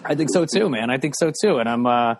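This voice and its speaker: Male host, eager and upbeat, mid-range voice, quick laughs. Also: mid-range voice, expressive. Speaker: podcast host. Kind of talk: casual chat.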